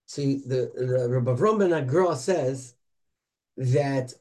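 In a casual study group, a man shares a Torah insight, speaking slowly in a medium-pitched voice. He's animated, poses rhetorical questions, and quotes Hebrew sources while mixing in Hebrew and Yiddish terms.

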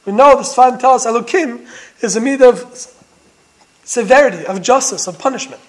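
A man with a strikingly high voice delivers a Torah lesson in the manner of a sermon. He presses his points with one rhetorical question after another. His stories build through dramatic repetition. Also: fairly quick, low-quality recording. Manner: emphatic, full of rhetorical questions. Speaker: Torah teacher.

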